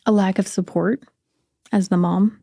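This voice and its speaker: Thoughtful woman on a podcast, mellow warm tone, dry close sound. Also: mid-range voice, fairly even intonation, measured pace, gravelly, no room sound. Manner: thoughtful, soft-spoken, searching for words. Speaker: podcast guest, host's partner. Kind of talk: casual conversation.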